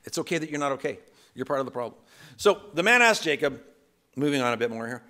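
A man pastor giving a conversational, self-deprecating sermon in a church, slipping into quick acted asides. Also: medium pitch, animated, sharp tone. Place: church sanctuary.

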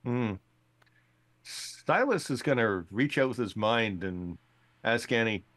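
Lively-voiced man playing a tabletop game. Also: medium pitch, slow pace, pauses often. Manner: playful, describes his character's actions. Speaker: player.

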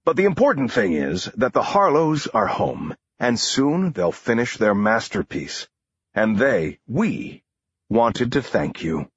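A man's voice: fairly low pitch, big pitch swings, slow pace, breathy edge, no echo, muffled recording, heavily acted. A man voicing a male film producer who sounds overly sincere and oily. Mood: schmoozing. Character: smooth-talking male film producer in schmooze mode.

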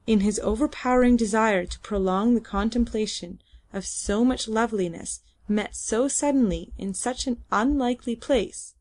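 A woman reading a classic novel aloud as an audiobook narrator, at a measured, even pace. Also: a little high. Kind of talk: scripted narration.

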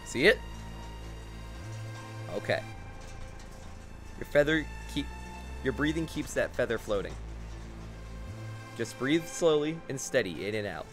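A man doing a soothing calm young guy. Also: medium pitch, unhurried, pauses often, soft background music, lightly acted.

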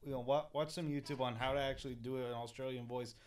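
A man co-hosting a relaxed podcast, with a mid-pitched, ordinary voice. He jokes around, laughs easily and talks in a loose, casual way. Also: fast, a little hiss or hum. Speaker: co-host.

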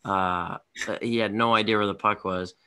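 A man with a very low, flat voice gives blunt opinions in a rambling podcast chat. His tone is bright despite the depth. He sounds tired. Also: normal speed, clean tone. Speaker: podcast co-host. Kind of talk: casual hockey podcast chat.

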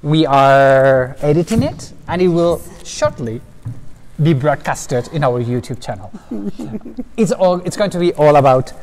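Lively man guiding through an echoing cloister. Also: a little high, measured pace, a little hiss or hum. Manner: lively, explaining with asides. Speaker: tour guide. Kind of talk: casual guided tour. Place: stone cathedral cloister, indoors. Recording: long reverb of a stone cloister.

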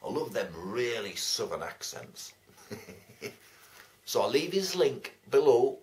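A man's voice: medium pitch, big pitch swings, takes it slowly, darkish tone. A man chatting casually to camera as a vlogger, laughing often and swearing freely. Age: adult, writing a second novel. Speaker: vlogger giving shout-outs.

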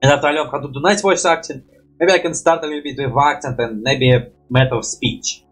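A man's voice: medium pitch, quick pace. A man with a slightly stuffy nose rambling casually through a reaction video, thinking aloud and swearing now and then.

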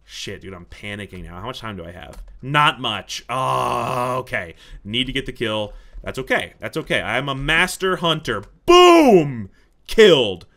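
Excitable young man swearing through gameplay. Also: mid-range voice, moderate pace, gravelly, hardly any pauses. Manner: excitable, swears often, talks to himself. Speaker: gaming YouTuber. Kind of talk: live gameplay commentary.

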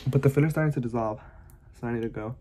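A young man vlogs in a sassy, swear-filled way, chatting to the camera first at home, then in his car and at a dealership. He talks very fast in a mellow, mid-range voice, with a little hiss or hum in the recording.

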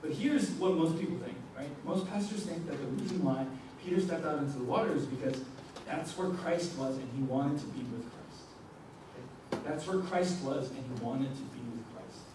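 A man's voice: fairly high pitch, normal speed, noisy background. A young man preaching to a youth group, reading scripture aloud and explaining it in a conversational way, often checking in with "okay?" and "right?". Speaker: youth pastor. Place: youth ministry meeting room. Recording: echoey room from far off.

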